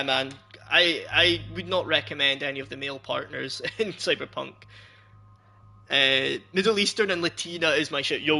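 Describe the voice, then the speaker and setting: A man's voice: on the high side, vocal fry, sharp tone. A young Scottish man streaming a game, rambling loosely, laughing often as he chats with his viewers. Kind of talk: casual chat while streaming a game.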